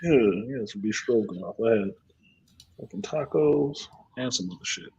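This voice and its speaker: A man's voice: medium pitch, expressive, moderate pace, vocal fry, darkish tone, slightly rough, dull audio. A man hosting a casual livestream hangout, telling profane stories and laughing often. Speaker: podcast host.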